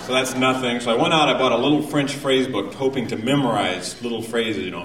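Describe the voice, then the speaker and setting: A man doing a stand-up comedy routine, telling a travel story with lively delivery and mock foreign accents, while an audience laughs. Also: mid-range voice, brisk, hardly any pauses. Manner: animated storytelling, mock French and Spanish accents. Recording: roomy, distant live recording with noise.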